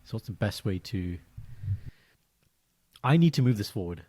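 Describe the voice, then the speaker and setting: A young man co-hosting a casual podcast, telling animated stories and acting out quotes in a high voice. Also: moderate pace, breathy edge. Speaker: podcast co-host. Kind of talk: casual chat.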